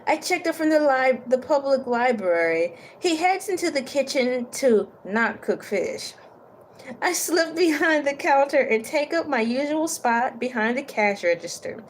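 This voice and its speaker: A woman's voice: high-pitched, a little hiss or hum. A woman reading a children's novel aloud, stopping for casual remarks and stumbling over a few words. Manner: stumbles over words, laughs at her own slips; casual asides between read passages. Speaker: book reader.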